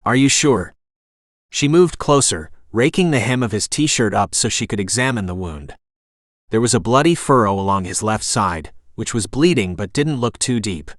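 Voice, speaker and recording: A man's voice: on the low side, lively intonation, moderate pace, dry recording. Man reading an audiobook, dry close sound. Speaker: audiobook narrator. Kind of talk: scripted narration.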